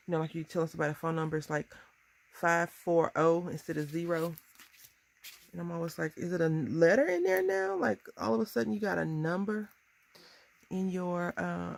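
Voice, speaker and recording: A woman in her thirties chatting casually through a crafting tutorial, bubbly and quick to laugh at herself. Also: fairly low pitch, creaky. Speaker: crafting vlogger.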